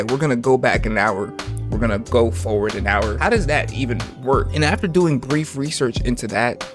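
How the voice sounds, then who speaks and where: A man hosting a reaction video, chatting casually with a laid-back, slangy, incredulous manner. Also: mid-range voice.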